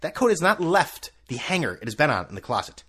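A man's voice: on the high side, sing-song, quick pace, a bit bright, husky. Sarcastic podcast guy ranting about sports, voice jumps up and down a lot. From US East Coast. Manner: sarcastic, scattered, swears freely. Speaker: podcast host. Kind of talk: rambling solo sports podcast.

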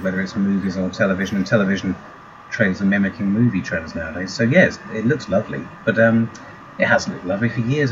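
Wry fast-talking man on a lo-fi line. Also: lowish voice, noisy background. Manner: wry, quick with jokes and tag questions. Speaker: podcast panelist. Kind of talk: casual podcast chat.

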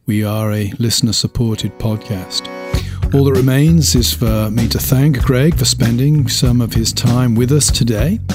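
A man hosting a podcast, wrapping up in a measured way with frequent uhs. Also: medium pitch, fairly even intonation, over music. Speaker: podcast host. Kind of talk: podcast closing remarks.

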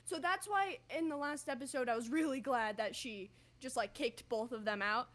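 A woman co-hosting a podcast in casual chat over a video call, animated and swearing casually. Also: sits high, normal speed. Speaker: podcast co-host.

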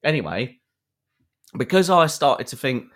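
A man's voice: mid-range voice, big pitch swings, measured pace, a bit bright. A young man, a podcast co-host, telling a long anecdote with lots of fillers and acted-out quotes. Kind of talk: storytelling to a co-host.

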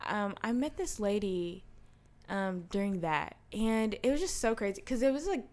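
A woman's voice: mid-range voice, normal speed. Young woman, co-host, chatty storyteller who laughs often. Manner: storytelling, laughs often, lively quoted voices. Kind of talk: casual chat.

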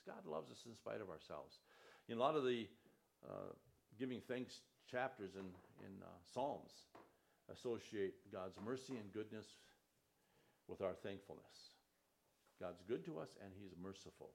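A man's voice: fairly low pitch, sing-song, normal speed, creaky. A male pastor preaching a sermon, reading scripture aloud with rising emphasis.

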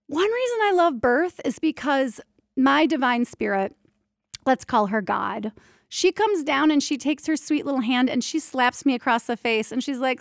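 A woman with a high voice and a gravelly, fry-laced edge tells stories from her doula work in a loose, animated monologue. She is candid and playful and drops the odd mild swear. The sound is close and dry, with no room around it. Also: normal speed, dry recording. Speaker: doula and prenatal yoga teacher. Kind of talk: casual storytelling monologue.

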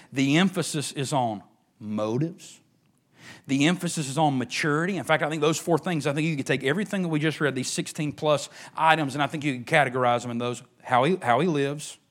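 A middle-aged man with a medium-pitched voice preaches a sermon as a pastor. He swings between emphatic rises and hushed near-whispers.

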